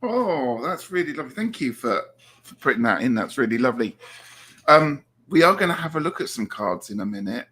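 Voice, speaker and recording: A man's voice: medium pitch, very animated, fairly quick, bright, forceful tone, slightly rough. A man hosting a casual interview, speaking in an enthusiastic, effusive way. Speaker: host.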